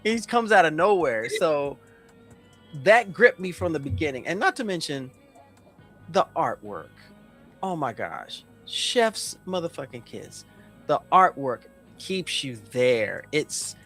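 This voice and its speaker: A man co-hosting a casual comic review podcast, animated and profane, acting out characters as he talks. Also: on the high side, slow pace, soft background music. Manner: animated, profane, acts out characters mid-story. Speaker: podcast co-host.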